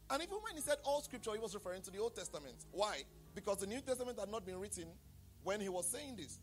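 A Bible study teacher who keeps asking the class to fill in answers and checks that they are following. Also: medium pitch. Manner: quizzes the class with fill-in questions; often checks that listeners follow.

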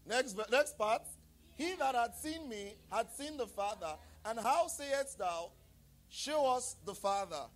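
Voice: medium pitch, expressive, slow pace. Bible teacher quizzing the class. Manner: quizzes the class with fill-in questions; often checks that listeners follow.

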